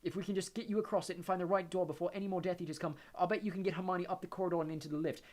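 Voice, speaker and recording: A man's voice: high voice, fairly even intonation, racing, pitched above the performer's own voice, lightly acted. A man doing an urgent teenage wizard boy. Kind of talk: audiobook reading.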